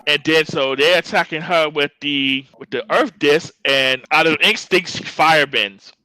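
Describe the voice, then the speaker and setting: A man's voice: fairly high pitch, normal speed, sharp tone, no room sound, poor audio. A man co-hosting a casual podcast, recapping a cartoon episode in slang and acting out the characters' lines. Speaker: podcast co-host.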